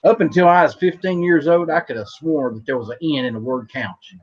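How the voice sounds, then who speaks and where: A husky-voiced man with a thick West Virginian accent, pitched a bit high, chatting casually as host. He tells folksy stories and often repeats his words. The audio is dull and lo-fi. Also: a little fast. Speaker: podcast host. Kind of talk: casual chat.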